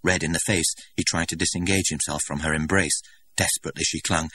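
A man narrating an audiobook in a measured, dramatic reading. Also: low voice, little pitch movement, fairly bright tone, no echo.

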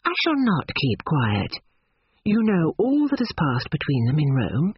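A fussy middle-aged mother, brisk and scolding, as a male audiobook reader puts her on. Her raised, husky voice swings lively through each line. The reading sounds dry and a little muffled. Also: a little high, no echo, heavily acted.

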